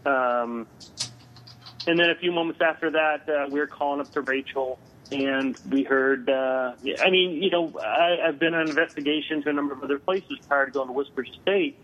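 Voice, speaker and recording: A man, a guest on an interview, telling a story over the phone, halting with many filler sounds. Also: a little high, fairly bright tone. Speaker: guest paranormal investigator. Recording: tinny phone line.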